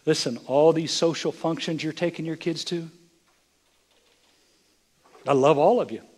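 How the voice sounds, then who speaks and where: An older man, a bishop, preaching a sermon with impassioned delivery that swings from hushed, near-whispered moments to loud, emphatic lines. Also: fairly high pitch, a little slow, breathy edge.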